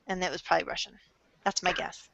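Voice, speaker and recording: Bright-voiced joking woman co-host. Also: lowish voice, steady tone, quick pace, gravelly. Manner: joking, sarcastic, playful. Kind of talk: casual chat. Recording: dull lo-fi sound.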